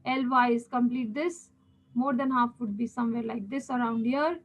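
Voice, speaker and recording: On the high side and fairly even in intonation, this woman's voice moves at normal speed over a rough recording. She's a maths teacher with an Indian English accent, guiding her students step by step through geometry, repeating key points patiently and checking on them.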